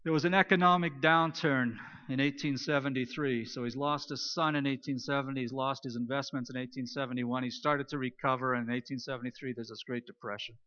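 A pastor preaching a sermon, retelling stories and moving between loud emphasis and soft, hushed lines. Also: male voice, medium pitch, steady tone, brisk, hardly any pauses. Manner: storytelling, swings between loud emphasis and near-whispered quiet. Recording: dull lo-fi recording.

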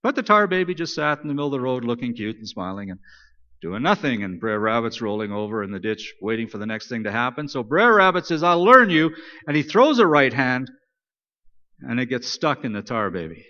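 In a large hall, a man delivers a church sermon at a fairly quick clip, his medium-pitched voice spinning a folk tale with jokes and lively, conversational flair. The high frequencies are cut off.

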